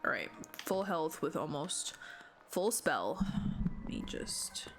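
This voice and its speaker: A young woman streams a video game, chatting casually, thinking out loud and swearing when she gets exasperated. Her voice is low and sing-song, and she speaks slowly. Game music plays behind her.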